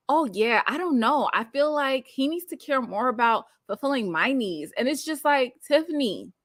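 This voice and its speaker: Sassy, animated woman recapping reality TV. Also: on the high side, no echo, studio quality. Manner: animated, sassy, drops into mocking quoted voices. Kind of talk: casual recap chat, reading viewer comments.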